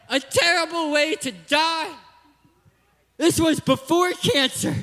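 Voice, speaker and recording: A man, a guest speaker, telling comedic stories in a sermon, animated and self-deprecating, breaking into loud bursts. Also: very high-pitched, measured pace. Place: church hall. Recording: reverberant hall with faint music.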